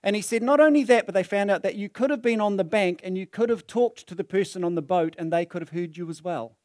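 A man with a slightly high voice preaches at a quick pace, dramatizing the story energetically with voices and a rising and falling tone. The recording is close and dry, with no room sound, taken on a handheld or stand microphone.

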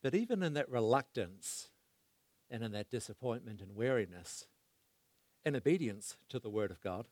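A man preaching a sermon, swinging between loud bursts and hushed asides as he asks the congregation questions. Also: medium pitch, animated, moderate pace, no echo.

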